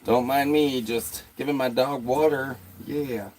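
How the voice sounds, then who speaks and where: A man's voice: mid-range voice, steady tone, measured pace, a little mellow, a little hiss or hum. A laid-back man from the United States hosting a casual livestream, chatting with viewers, swearing freely and giggling as he talks. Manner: laid-back, profane, giggly, reads chat aloud. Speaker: livestream host.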